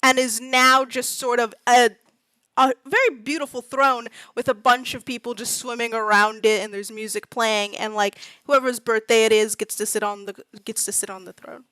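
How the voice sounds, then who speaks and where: A woman running a tabletop game as game master, her voice sitting a little high. She talks in a chatty, animated way. The sound is dry and close. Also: moderate pace, clear, resonant tone, dry recording, rough recording. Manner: chatty, animated narration with bursts of put-on townsfolk voices.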